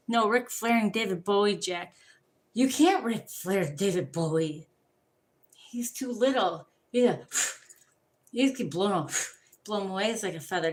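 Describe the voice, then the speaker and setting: A woman's voice: mid-range voice, normal speed. A woman giving a casual, rambling tarot reading. She swears freely and jumps from one topic to the next. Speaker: tarot card reader. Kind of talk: rambling casual livestream chat.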